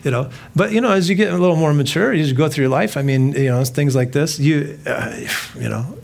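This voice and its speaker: A man's voice: fairly high pitch, a little fast, gravelly, darkish tone. A man pastor preaching a sermon in a casual, joking way, acting out quoted voices and laughing at himself.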